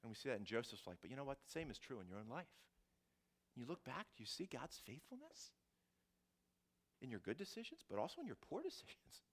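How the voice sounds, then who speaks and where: A male pastor preaching a sermon, swinging from loud emphasis to hushed asides, often restarting his phrases. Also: medium pitch, fast. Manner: animated, shifting from loud to hushed, frequent restarts.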